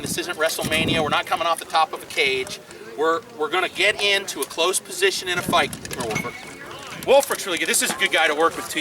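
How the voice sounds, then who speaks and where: A man with a fairly high voice runs an outdoor fighting class, calling out cues and breaking into asides as he coaches pairs through drills. He is recorded by a camera some distance away, with clear outdoor noise around him. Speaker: combat instructor. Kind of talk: teaching a hands-on fighting class.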